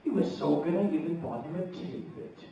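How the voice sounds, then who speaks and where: A man's voice: on the high side, lively intonation, a little fast, gravelly, dark tone, a little hiss or hum. A man co-hosting a charity show at a convention, bantering in a teasing, mock-formal way. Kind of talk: playful comedic banter on stage. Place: convention room with live audience. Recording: roomy hall from a distant mic.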